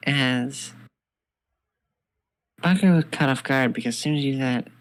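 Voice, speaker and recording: Relaxed man co-telling a fan story. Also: medium pitch, normal speed, poor audio. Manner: relaxed, affirming with frequent mm-hmms. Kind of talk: casual collaborative storytelling.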